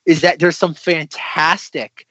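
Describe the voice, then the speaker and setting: A man's voice: a little high, level tone, measured pace, a bit bright, dry recording, lo-fi sound. A man in his twenties chatting casually as a co-host, enthusiastic, often stumbling and repeating words. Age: 20s. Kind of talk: casual chat.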